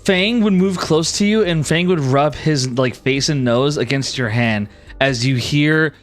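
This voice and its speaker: A woman's voice: low voice, unhurried, faint music behind. A woman game master improvising a tabletop game's narration, rambling with fillers.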